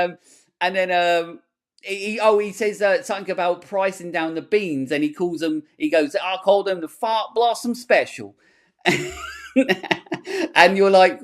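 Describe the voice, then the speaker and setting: A man hosting a podcast, chatting casually in a rambling, animated way and swearing freely. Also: medium pitch. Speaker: podcast host. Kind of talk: casual chat.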